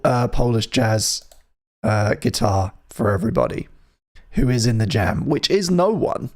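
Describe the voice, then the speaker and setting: A British man hosts a live music stream, chatting and joking with viewers in a rambling, teasing, playful way. His voice is mid-range with a darkish, slightly rough tone.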